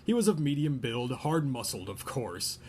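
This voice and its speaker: A man reading a novel chapter aloud in a relaxed way, stopping now and then to joke about the story. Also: mid-range voice, normal speed, slight background noise. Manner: reads a novel aloud, breaks off for joking asides. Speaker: podcast host reading aloud. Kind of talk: casual read-aloud with asides.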